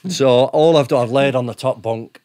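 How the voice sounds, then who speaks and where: A man's voice: medium pitch, normal speed, darkish tone, dry recording, studio quality. A man telling his story as a podcast guest, blunt and sweary, chuckling between anecdotes. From United Kingdom. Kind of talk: casual storytelling.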